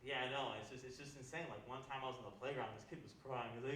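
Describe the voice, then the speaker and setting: A man's voice: mid-range voice, expressive, brisk. A young man, a student comic, performing a dry, self-deprecating open-mic stand-up set in a campus lecture hall. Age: young adult. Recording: roomy hall, distant mic, faint noise. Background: audience laughter.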